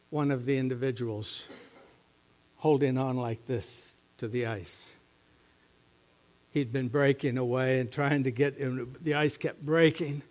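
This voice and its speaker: A middle-aged man, a pastor preaching a sermon in a church, moving between quiet, low musing and loud, emphatic teaching. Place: church sanctuary.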